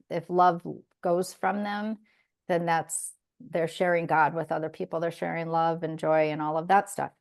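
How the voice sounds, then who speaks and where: A woman's voice: fairly low pitch, darkish tone. A woman hosting a podcast in casual chat, talking in an earnest, reflective way with frequent restarts. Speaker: podcast host.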